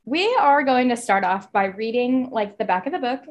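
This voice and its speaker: A woman's voice: fairly high pitch, expressive, normal speed, lo-fi sound. Giggly young woman podcast co-host. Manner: giggly, chatty, fillers like "like". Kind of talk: casual chat and book summary.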